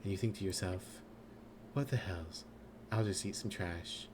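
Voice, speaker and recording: A man voicing a gruff male inner voice that lectures the player in a low, exasperated tone. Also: unhurried, a little mellow, a little hiss or hum. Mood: scolding.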